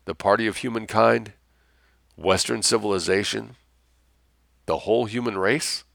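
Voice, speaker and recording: A man reading an audiobook as narrator in an even, measured way. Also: lowish voice, creaky, no echo, studio quality. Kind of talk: scripted narration.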